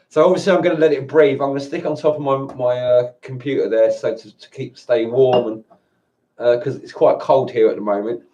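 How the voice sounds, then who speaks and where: Man vlogger, mid pitch, rambling and hesitant, heard from a distance at home. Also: steady tone, normal speed, a little mellow, dull audio. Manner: rambling, hesitant, chuckling often. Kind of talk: casual solo live-stream chat. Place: indoors at home. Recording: voice distant from the mic.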